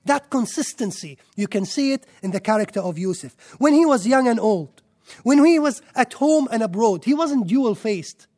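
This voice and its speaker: A man's voice: very high voice, animated, normal speed, darkish tone. A male preacher delivering an emphatic sermon, building points through lists and repetition.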